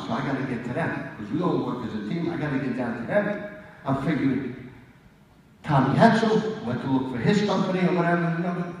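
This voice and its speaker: A middle-aged New York firefighter delivers an after-dinner speech as a vivid story, punching out short lines and acting out what people said. His voice sits fairly high. He is picked up from a distance in a large hall with a long, booming echo. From United States. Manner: animated, punchy retelling with acted-out quotes and asides to the audience. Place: conference dining hall. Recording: echoey hall, distant mic.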